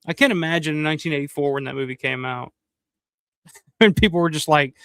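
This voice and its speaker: A middle-aged man hosting a live stream, chatting loosely and with plenty of swearing. His voice is smooth and clear and sits a little high for a man. The sound is close and dry. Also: a little fast, pauses often, fairly bright tone, dry recording. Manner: laid-back and profane, thanks viewers by name. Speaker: livestream host. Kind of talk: casual live-stream chat.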